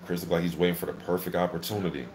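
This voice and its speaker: A man hosting a casual live boxing reaction, calling the action play-by-play in an excitable, filler-heavy way. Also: low voice, very fast. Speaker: boxing channel host. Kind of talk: live fight commentary reaction.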